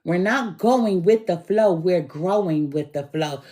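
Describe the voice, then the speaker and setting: Slow, hoarse woman reading tarot. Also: lowish voice, warm tone. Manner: slow, emphatic, encouraging. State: hoarse from bronchitis, coughing. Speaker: tarot reader.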